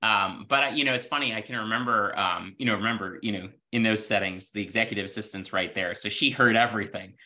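A man with a fairly low, bright and forceful voice speaks as an interview guest. He tells stories from his working life in an earnest, reflective way, scattering "you know" through his sentences. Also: quick pace, hardly any pauses. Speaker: podcast guest, healthcare executive.

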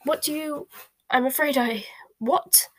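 A woman's voice: on the high side, normal speed, a bit bright, no room sound. A woman reading a storybook aloud and voicing a harried, spluttering male prime minister with raised, exasperated outbursts. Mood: bewildered.

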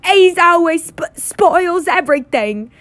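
Spoiled bratty boy, a woman doing him, whiny, stammery fake sobbing, pitched up. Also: expressive, slow, a bit bright, dry recording, heavily acted. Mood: whining.

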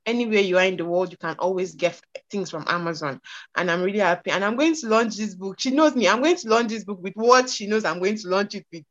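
A woman with a mid-pitched voice talks eagerly over muffled, lo-fi call audio, repeating how happy and proud she is. The sound is dull and lacks any crispness. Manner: enthusiastic, repetitive. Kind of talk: speech on a video call. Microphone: online call audio.

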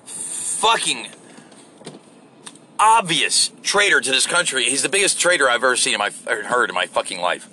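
A man's voice: medium pitch, sing-song, normal speed, pauses often, sharp tone, slight background noise. A man hosting a podcast, ranting off the cuff outdoors in a crude, sarcastic way and swearing constantly. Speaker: podcast host. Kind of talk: profane off-the-cuff rant.

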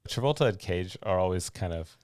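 Man, podcast co-host, casual movie talk, low voice, dry recording. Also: lively intonation, fairly quick, darkish tone, no echo. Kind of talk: casual chat about movies.

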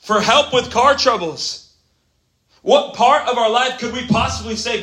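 A young man preaching an energetic sermon, animated and casual, swinging from quiet asides to shouting and calling listeners bro and man. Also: very high-pitched, unhurried. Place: church gathering hall. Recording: echoey room.

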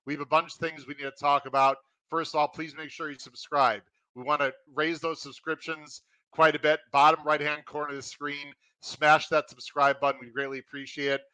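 A man hosting a podcast with a bright, forceful voice, pumped-up and eager as he runs through announcements. His voice sits a bit high for a man and is recorded close and dry, with no room sound. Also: brisk, few pauses, no room sound, low-quality recording. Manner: excited, pumped-up delivery. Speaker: podcast host. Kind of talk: energetic podcast intro and promotion.

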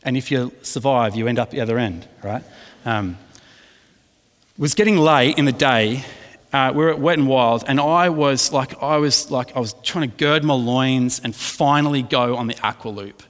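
In a hall with long reverb, a middle-aged man preaches a sermon woven with personal anecdote. He's chatty and self-deprecating in his stories but earnest when teaching, speaking at medium pitch and moderate pace with a fairly bright tone.

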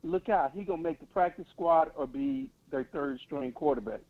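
A man's voice: on the high side, normal speed. A man calling in to a sports talk show, giving blunt, confident opinions in casual chat over a phone line. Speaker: caller.

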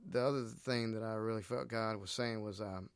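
Earnest, lowish man telling faith stories. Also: normal speed, smooth, no room sound. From Nicaragua. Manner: earnest storyteller, animated when retelling scripture. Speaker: missionary guest. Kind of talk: casual faith conversation.

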